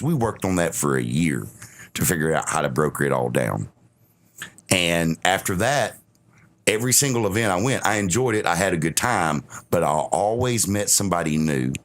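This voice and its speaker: A man with a very deep, low voice tells a long story on a casual podcast. He rambles through his anecdote and quotes other people without changing his voice. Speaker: podcast guest of honor.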